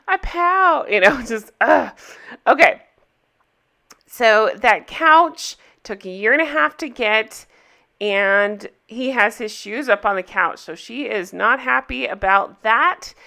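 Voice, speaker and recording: A gossipy woman talking through a movie recap, her voice bright and crisp. She chats casually, tosses in opinions and asides, and sits a little high in pitch. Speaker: recap host.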